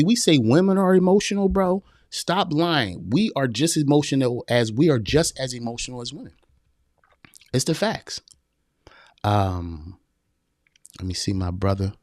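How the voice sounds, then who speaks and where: A man's voice: mid-range voice, a little mellow, no echo, clean studio sound. A man hosting a live-streamed talk for men. He is emphatic and repetitive, calls listeners brother, and answers viewer questions as they come in. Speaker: podcast host.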